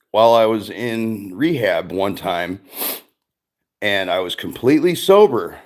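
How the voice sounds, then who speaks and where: A middle-aged man hosting a stream, rambling through a casual chat with lots of swearing and frequent laughs. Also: lowish voice. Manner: rambling, profane, laughs often. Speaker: streamer host.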